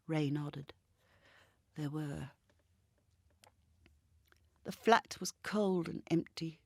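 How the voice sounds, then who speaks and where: A woman reads a novel aloud with steady, measured narration. Her voice sits a little low, and the recording is close and dry with no room sound. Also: no room sound. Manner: even, measured storytelling. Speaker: reader. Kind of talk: scripted narration.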